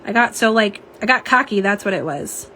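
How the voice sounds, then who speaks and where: A young woman chats on a live stream, rambling through asides and fillers. Her voice sits in a middle pitch, with a faint hiss of noise behind it. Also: animated, normal speed. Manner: chatty and warm, lots of fillers and asides. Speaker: nail polish swatcher. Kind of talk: live-stream chat, reading viewer comments. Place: home office.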